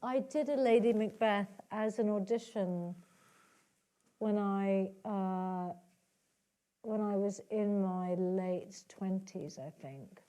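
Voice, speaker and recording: A woman's voice: mid-range voice, takes it slowly, dark tone. A woman with a British accent speaking on stage in a conversation, hesitant, with many restarts and fillers. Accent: British English. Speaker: guest at a literary talk. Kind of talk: onstage conversation with audience questions.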